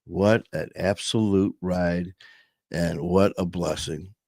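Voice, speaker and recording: A man with a very deep voice talks in a loose, rambling monologue, leaning hard on words and swearing freely. He sounds like a show host speaking casually to his audience. The recording is dry and close, with no room sound. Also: fairly even intonation, slow pace, vocal fry, darkish tone, no room sound. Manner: rambling, emphatic, peppered with swearing.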